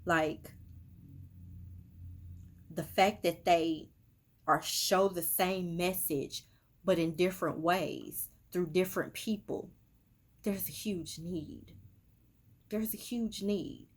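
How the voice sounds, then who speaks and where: Deep-voiced woman, repeats herself a lot, casual medium talk. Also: takes it slowly, long pauses. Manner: emphatic, repetitive, with many fillers. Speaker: spiritual medium. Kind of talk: casual social media monologue.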